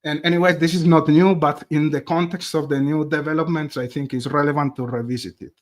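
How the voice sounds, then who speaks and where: A man's voice: on the high side, fairly even intonation, a little fast. Chatty man. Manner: chatty, addresses viewers directly as "guys". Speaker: true crime streamer. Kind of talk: live-stream commentary.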